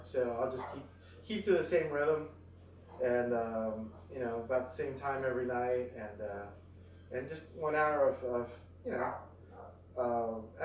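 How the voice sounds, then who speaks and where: A man's voice: mid-range voice, recorded from a distance, slight background noise. Tired man vlogging from across a roomy space. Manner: relaxed, rambling, many fillers. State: tired after exercise. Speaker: fitness vlogger. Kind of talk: casual exercise vlog. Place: at home near a backyard.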